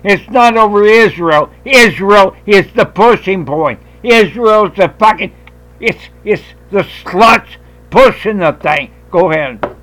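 A man hosting a talk radio show, ranting in a loud, combative and profane way. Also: high voice, expressive, takes it slowly, a little hiss or hum, rough recording. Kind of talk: heated talk radio rant.

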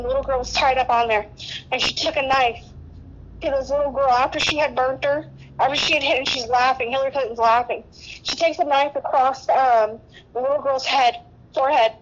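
Tearful high-voiced woman, rambling. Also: muffled recording. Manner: rambling, breathless, many restarts. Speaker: guest nurse. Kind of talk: emotional interview talk.

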